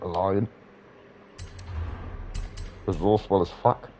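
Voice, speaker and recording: British man, fairly low voice, rambling, earnest, sweary, faint background hum. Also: steady tone, slow, a little mellow, rough recording. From Britain. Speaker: streamer. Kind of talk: casual live-stream chat.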